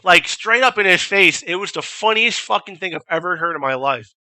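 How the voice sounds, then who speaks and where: A young man tells a rambling, profane story with lots of energy. His voice is slightly high and sharply bright. The sound is dry and close, and he breaks into loud impressions of shouted orders. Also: fairly quick, no room sound. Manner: profane, animated, imitates drill instructors shouting. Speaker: vlogger. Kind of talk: casual storytelling.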